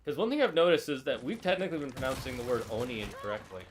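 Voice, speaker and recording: A man's voice: mid-range voice, very fast. A man chatting casually on a game stream, dry and a bit hesitant, with many fillers. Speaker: stream co-host. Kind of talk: casual chat while gaming.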